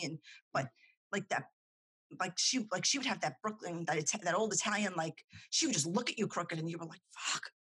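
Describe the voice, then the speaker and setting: A woman's voice: fairly low pitch, a bit bright, slightly rough. A woman in casual chat, rambling with fillers and restarts. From New Jersey / New York. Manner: rambling, lots of fillers and restarts, laughs often.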